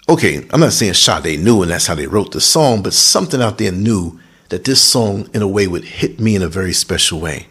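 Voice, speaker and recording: A man hosting a podcast, talking through a reflective monologue that grows animated when he recalls moments. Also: deep voice, brisk, breathy edge. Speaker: podcast host. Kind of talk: casual monologue.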